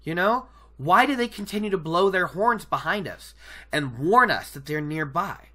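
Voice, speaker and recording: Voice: medium pitch, expressive, normal speed, bright, forceful tone. A reader voicing a clever, composed woman mage who argues her point with questions. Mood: reasoning. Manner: reasoned, questioning.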